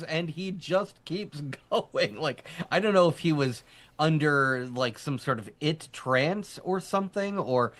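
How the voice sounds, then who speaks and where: A man's voice: on the high side, expressive, takes it slowly, fairly bright tone. A man co-hosting a casual live show, chatty and rambling, laughing often and teasing his partner. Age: adult army veteran. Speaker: co-host. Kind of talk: casual podcast chat.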